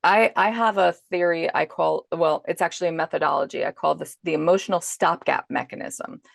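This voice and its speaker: A woman parenting coach in a podcast interview, explaining calmly and acting out her own inner self-talk as examples. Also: low-pitched, a little fast, creaky, no echo, studio quality.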